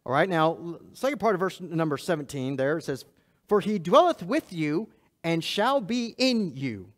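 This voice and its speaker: A man preaching a sermon as pastor of a church, emphatic and repetitive, swinging between loud and hushed lines and speaking straight to the congregation. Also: fairly high pitch, animated, moderate pace. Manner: laughs at himself, talks to the congregation directly.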